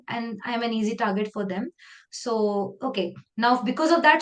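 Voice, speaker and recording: A woman with an Indian English accent leading a live online training session, talking in a lively, conversational way and slipping into Hindi phrases. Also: fairly high pitch, a little fast.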